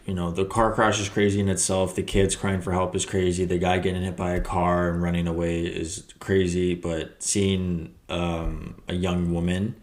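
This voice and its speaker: A man hosting a reaction video, commenting casually and haltingly, often searching for words. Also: low-pitched, level tone.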